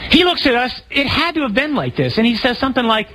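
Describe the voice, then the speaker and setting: A man preaching a sermon, telling stories with animated, acted-out scenes. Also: very high-pitched, quick pace, few pauses, a little hiss or hum, poor audio. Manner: animated storytelling, acting out scenes with raised voice. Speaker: priest.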